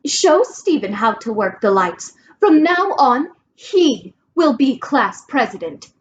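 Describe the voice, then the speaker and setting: A firm, matter-of-fact schoolteacher, read by a woman lays down rules slowly and with emphasis. The storybook voice sits high and swings widely. The recording is slightly muffled. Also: sing-song, full character voice.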